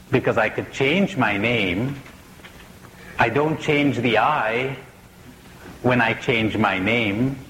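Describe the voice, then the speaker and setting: A man's voice: mid-range voice, fairly bright tone, long reverb tail, a little hiss or hum, rough recording. A man giving a reflective spiritual talk, asking questions and telling jokes in a playful storytelling manner.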